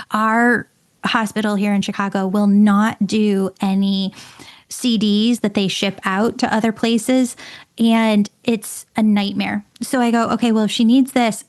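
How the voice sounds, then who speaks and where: Host: middle-aged woman, mid pitch, emphatic and excitable storyteller. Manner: emphatic, excitable, repeats words. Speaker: podcast host and medium. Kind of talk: personal storytelling monologue.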